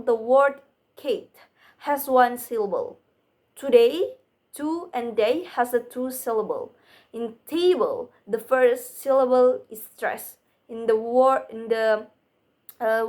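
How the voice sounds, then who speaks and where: A young woman speaks, giving a student presentation on phonetics. She reads at a very slow, deliberate pace, in a slightly high voice, and often trips and restarts her words with small fillers.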